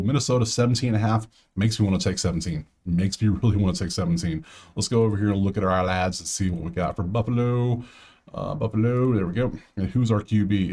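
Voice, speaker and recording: Casual betting host, man, low voice, rambles through picks with fillers, talks to himself. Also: darkish tone. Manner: thinks aloud, many fillers and restarts. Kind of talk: casual solo commentary.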